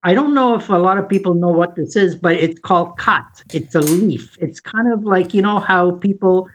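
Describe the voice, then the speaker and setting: A speaker in casual chat, recounting travel adventures in a halting way that repeats words. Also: medium pitch, dull audio. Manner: halting, repeats words while telling stories.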